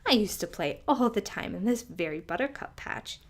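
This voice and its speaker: A woman voicing a kind, grown-up mother snake who speaks warmly. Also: medium pitch, expressive, normal speed. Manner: kind, warm.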